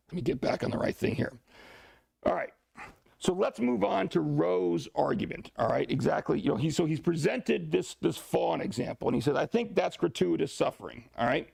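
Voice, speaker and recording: A man teaching a church class in a lively, joking way, adding asides to the students. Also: on the high side, vocal fry, breathy edge, no echo. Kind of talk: classroom lecture.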